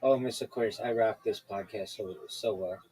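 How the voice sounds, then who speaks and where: A man's voice: fairly low pitch, steady tone, moderate pace, dark tone, poor audio. A man hosting a podcast over a video call, chatting casually and rambling with many fillers and restarts. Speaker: podcast host. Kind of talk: casual chat.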